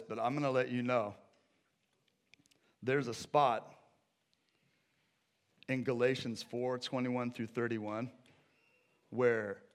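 Animated male preacher. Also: mid-range voice. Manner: animated storytelling, acts out scripture characters. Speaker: pastor. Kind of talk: sermon.

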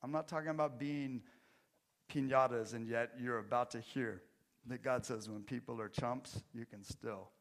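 Joking, earnest pastor preaching a sermon. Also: male voice, medium pitch, steady tone, normal speed. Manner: joking, self-deprecating asides that drop to quiet, earnest emphasis. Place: church.

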